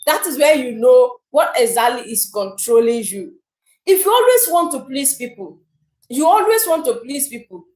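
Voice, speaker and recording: A woman giving a motivational talk to viewers, animated and acting out the people she describes. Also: sits high. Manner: animated, acts out imagined people. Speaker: motivational speaker. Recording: roomy echo.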